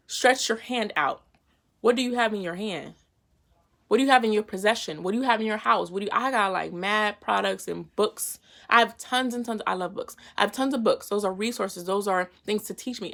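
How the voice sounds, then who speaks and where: A faith vlogger gives her viewers a casual, slangy Bible lesson, retelling scripture in everyday talk. Her voice is medium-pitched, creaky and a bit bright.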